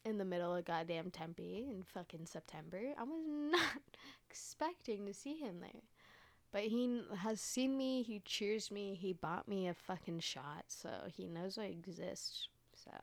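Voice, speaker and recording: Profane, rambling young woman podcaster. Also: mid-range voice. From Arizona, United States. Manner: profane, rambling, filler-heavy. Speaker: podcast host. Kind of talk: casual storytelling chat.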